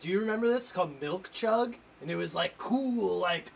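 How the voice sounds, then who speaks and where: A man's voice: high-pitched, expressive, brisk, vocal fry, distant mic, slight background noise. A man chatting as a guest, rambling and filling his talk with "like". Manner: rambling, full of "like". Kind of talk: casual chat.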